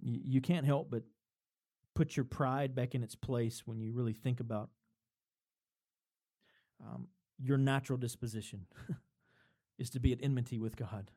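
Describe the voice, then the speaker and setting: A man's voice: mid-range voice, warm tone. A man preaching a sermon in a conversational way, building up to emphatic points and chuckling between them. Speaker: pastor.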